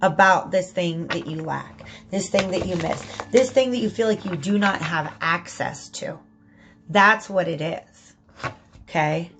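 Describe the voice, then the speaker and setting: A woman's voice: on the low side, unhurried, background noise. A woman giving a casual spoken tarot reading, chatty and prone to repeating herself, often checking in with "okay?". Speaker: tarot reader.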